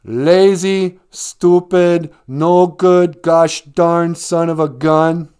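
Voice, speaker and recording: A man voicing a rebellious, tough teenage boy who mocks and yells. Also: a little high, steady tone, extremely slow, clean tone, voice pushed up. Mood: mocking. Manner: mocking, yelling.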